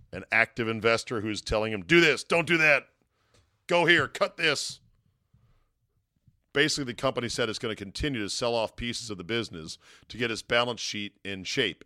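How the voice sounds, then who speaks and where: A man's voice: mid-range voice, fairly bright tone, no echo, studio quality. A man hosting a sports talk podcast, giving a casual monologue with wry, sarcastic asides from a hotel room.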